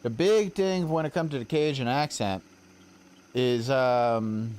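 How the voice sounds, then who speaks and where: A man's voice: mid-range voice, unhurried, a little mellow. Chatty man with a Western American accent. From Colorado. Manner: rambling, chatty, self-deprecating. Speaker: game streamer. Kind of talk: casual chat while streaming a game.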